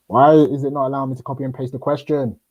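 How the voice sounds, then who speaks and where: Husky young man, laid-back. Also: mid-range voice, darkish tone, no echo, low-quality recording. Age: young adult. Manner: laid-back, jokey, trailing pauses. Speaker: panelist. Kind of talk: casual online group chat.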